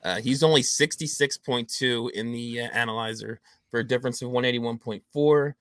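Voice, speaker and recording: A man's voice: medium pitch, a little fast, fairly bright tone, no echo. A man hosting a fantasy football trade quiz on a casual podcast, reading out values and laughing often. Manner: reads out numbers, laughs often. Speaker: host running a trade quiz.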